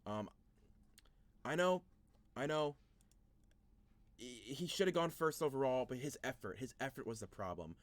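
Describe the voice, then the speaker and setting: A man's voice: medium pitch, animated, measured pace, pauses often, dry recording. A man hosting a casual sports video, thinking aloud through a mock draft, rambling and easily frustrated, with many restarts.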